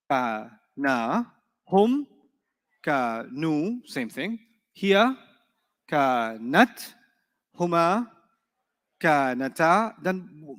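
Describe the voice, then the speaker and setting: Guy teaching arabic to a class, high voice, chatty and encouraging, big reverby hall. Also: a bit bright. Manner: encouraging, conversational, asks the class questions. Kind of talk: classroom lecture.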